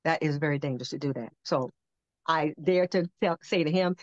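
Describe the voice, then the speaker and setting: An older woman on a podcast telling a personal testimony, animated and acting out the voices she quotes. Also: sits low, brisk, dry recording. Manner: animated storyteller who acts out quoted voices. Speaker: podcast guest. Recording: dull lo-fi dry sound.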